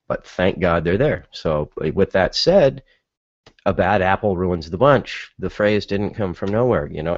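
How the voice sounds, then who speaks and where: A man's voice: sits low, no room sound, highs cut off. A man hosting a casual opinion monologue, exasperated and full of incredulous rhetorical questions and fillers. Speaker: podcast host.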